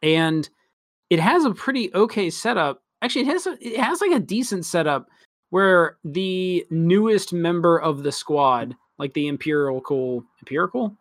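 A man's voice: a little high, animated, no room sound. A man casually recapping an anime episode as a podcast co-host, rambling and swearing freely. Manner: rambling, profane, quick laughs.

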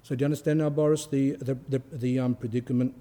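A man's voice: medium pitch, fairly even intonation, fast talker, warm tone. A male Orthodox priest giving an informal spiritual talk. He speaks conversationally, with anecdotes and frequent fillers, and reads passages aloud with rising emphasis.

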